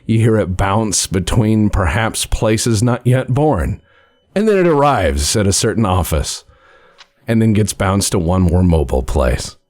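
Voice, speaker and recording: A man's voice: lowish voice, very animated, measured pace, darkish tone, no room sound, clean studio sound. A man narrating a tabletop role-playing game as game master, with vivid, profane descriptions.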